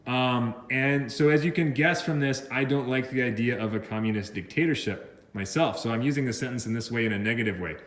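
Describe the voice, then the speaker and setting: The recording captures a man with a medium-pitched voice teaching English vocabulary, his words reverberating around the space. He explains slowly, stumbling through fillers and restarts and sometimes using Spanish words.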